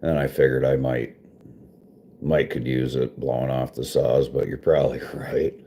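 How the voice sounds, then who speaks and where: A man's voice: rumbling low, level tone, moderate pace, gravelly, warm tone, slight background noise. A man with a wife and kids chatting casually to his stream viewers, rambling and swearing, laughing often. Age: adult with wife and kids. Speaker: vlogger and livestreamer talking to viewers. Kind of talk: casual chat.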